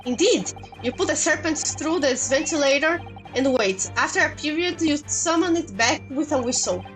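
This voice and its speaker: A woman's voice: high-pitched, animated, normal speed, fairly bright tone, soft background music, rough recording. A woman voicing a boastful, grandiose male detective as she reads game dialogue aloud. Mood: declaiming. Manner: grandiose, theatrical.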